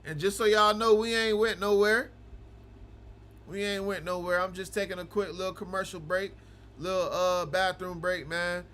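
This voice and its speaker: A man hosting a livestream, chatting casually with viewers and teasing them, going from low mumbling to loud ranting. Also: fairly even intonation, normal speed. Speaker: livestream host of a game broadcast.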